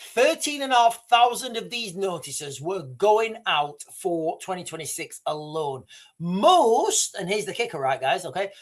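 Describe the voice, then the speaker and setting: A man in his thirties from the United Kingdom, hosting a casual livestream. His pitch swings widely and lively as he rambles along, often calling his viewers guys and wandering off on loose asides. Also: measured pace. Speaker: livestream host.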